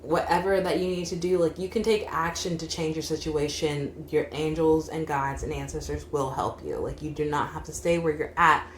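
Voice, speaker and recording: Young woman tarot reader, low-pitched, casual and rambling, recorded in an echoey room. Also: fairly even intonation, moderate pace, few pauses. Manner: chatty, frequent "like" fillers, laughs while talking. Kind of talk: casual tarot reading monologue. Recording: echoey room with faint hum.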